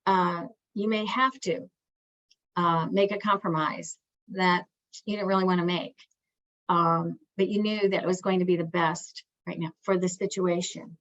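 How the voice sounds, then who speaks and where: On a muffled recording, a woman speaks in a lowish, slightly bright voice with fairly even intonation and a slightly slow pace. She's a family therapist from an Italian family delivering an educational talk, earnestly restarting and repeating words while acting out parent phrases.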